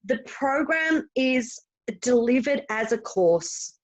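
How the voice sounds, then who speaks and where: A woman from Australia speaks as an interview guest, bubbly and explanatory, laughing easily as she goes. Her voice is a little higher than most. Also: expressive, slow, low-quality recording. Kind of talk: casual interview chat.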